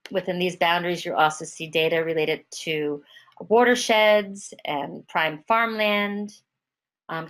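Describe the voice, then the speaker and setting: A woman giving an online software demonstration in a casual way, with many fillers and restarts, speaking over a web call. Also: fairly low pitch, poor audio. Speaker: product trainer.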